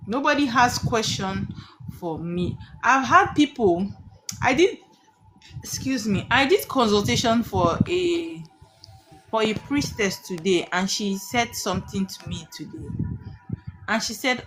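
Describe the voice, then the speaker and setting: A woman's voice: medium pitch, animated, measured pace, a bit bright, a little hiss or hum. A woman, hosting a live stream and teaching with emphatic rhetorical questions that she answers herself.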